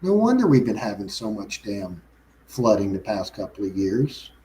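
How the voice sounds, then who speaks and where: A man's voice: on the low side, sing-song, moderate pace, mellow, slight background noise, poor audio. Rambling man talking shop. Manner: rambling, frequent restarts and self-corrections. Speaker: guest. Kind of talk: casual chat.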